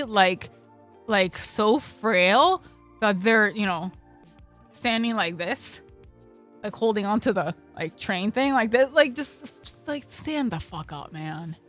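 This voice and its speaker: A woman's voice: on the high side, expressive, takes it slowly, fairly bright tone, soft background music. Rambling woman streamer telling a story. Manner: rambling, filler-heavy, swears freely. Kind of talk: casual storytelling.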